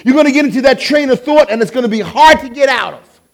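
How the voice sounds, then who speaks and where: A man preaching a sermon as pastor, impassioned, swinging from loud shouting to low, quiet intensity. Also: quick pace, vocal fry.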